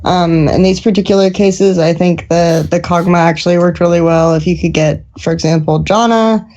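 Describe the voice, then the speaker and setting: A woman's voice: lowish voice, fairly even intonation, normal speed, warm tone, muffled recording. A woman esports analyst on a panel, talking thoughtfully with hedges and restarts. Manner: thoughtful, hedging, many restarts. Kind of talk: casual panel discussion.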